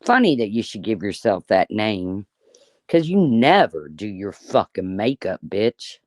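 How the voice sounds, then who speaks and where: A woman's voice: a bass voice, very animated, a little slow, darkish tone, no room sound, studio quality. A woman in her fifties giving an angry, profane, sarcastic rant on a live stream. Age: 50s. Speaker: YouTuber.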